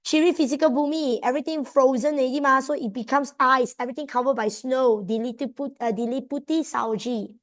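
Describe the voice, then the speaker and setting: A woman's voice: sits high, fairly even intonation, brisk, few pauses. A young woman with a Malaysian accent tutoring students online, switching between English and Malay as she coaxes them through exam answers. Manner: mixes English with Malay terms, coaxing students. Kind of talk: online exam revision class.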